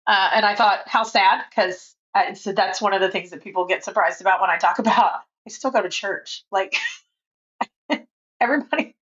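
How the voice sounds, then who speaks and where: A woman's voice: mid-range voice, moderate pace, a bit bright. Chatty laughing woman, dull sound. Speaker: podcast guest. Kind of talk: casual interview chat.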